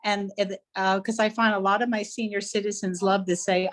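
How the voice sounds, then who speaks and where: A woman's voice: mid-range voice, level tone. A woman art teacher talking casually over a video call, often stopping to search for words. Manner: halting, searches for words with many fillers. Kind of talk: casual chat.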